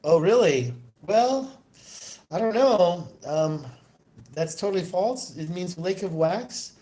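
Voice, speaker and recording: A man's voice: high voice, expressive, unhurried, warm tone. A man hosting a casual livestream into his phone, rambling and answering viewer comments aloud. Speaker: livestream host.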